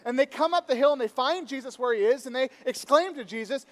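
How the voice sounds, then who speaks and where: A man preaching a sermon, telling stories with animated quoted voices and dropping to a quiet, intimate tone for reflection. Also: very high-pitched, fast talker. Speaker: pastor.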